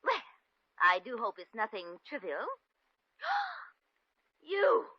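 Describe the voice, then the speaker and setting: A haughty English society lady for a 1940s radio play. Her slightly husky voice swoops up and down dramatically, and her lines come out clipped and cutting. The sound is dry and dull, as on an old broadcast. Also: a little high, huge pitch swings, slow pace, dry recording, exaggerated voice. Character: haughty, jealous upper-class English lady. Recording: lo-fi vintage radio recording.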